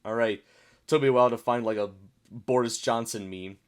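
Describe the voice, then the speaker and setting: A young American man hosts a casual meme reaction video, chatting and reading captions aloud. His voice sits at an ordinary middle pitch, and he often stops to wonder out loud what a joke means. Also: steady tone, fairly quick, clean tone. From United States. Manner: chatty, puzzled, reads captions aloud, bursts of laughter. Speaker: YouTube reaction host.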